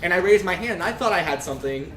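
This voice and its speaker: Young male host, high-pitched, rambling storyteller, echoey room with music. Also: animated, fast talker. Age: young adult. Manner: rambling storyteller, full of fillers. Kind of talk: casual gaming chat.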